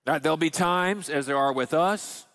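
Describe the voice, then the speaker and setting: A man's voice: a little high, moderate pace, fairly bright tone, clean tone. Male pastor, 30s, conversational sermon delivery, candid and folksy, reverberant room.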